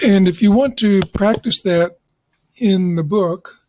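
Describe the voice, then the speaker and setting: A man teaching an English class, explaining pronunciation slowly with fillers. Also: high voice, darkish tone, no echo. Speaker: ESL teacher. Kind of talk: classroom lecture.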